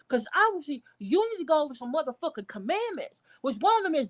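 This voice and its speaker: Woman vlogger, livestream commentary; outraged, cursing freely, animated outbursts. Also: fast, few pauses. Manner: blunt, outraged and profane; animated, with sudden high outbursts.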